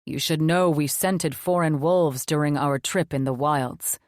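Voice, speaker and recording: Woman voicing Dragomir, a steady demon wolf. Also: a little high, measured pace, dry recording, clean studio sound, lightly acted. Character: commanding demon wolf man, calm and watchful.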